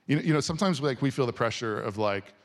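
Pastor, man in his forties, chatty sermon delivery, animated, goes from hushed to loud. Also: medium pitch. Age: 40s. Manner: casual, animated, swings from soft and slow to loud. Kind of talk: conversational sermon. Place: church or auditorium before a congregation.

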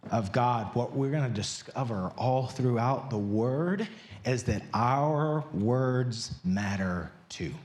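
Slow, echoey male pastor preaching. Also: mid-range voice, a little mellow. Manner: conversational and playful, joking with the congregation. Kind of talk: sermon. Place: large church hall. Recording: echoey church hall.

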